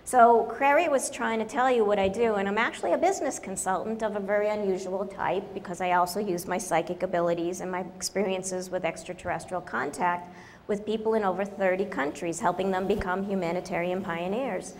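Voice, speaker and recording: A woman's voice: medium pitch, fairly quick, slight background noise. Wry woman speaking in an echoey hall. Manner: wry, direct and storytelling. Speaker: conference speaker. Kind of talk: humorous public talk.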